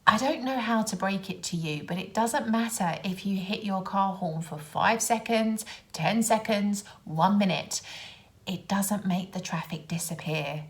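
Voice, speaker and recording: A woman's voice: medium pitch, measured pace, hardly any pauses. Sarcastic Londoner woman ranting. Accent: London English. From London, England. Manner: exasperated, sarcastic, animated storyteller. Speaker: vlogger. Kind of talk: casual ranting vlog.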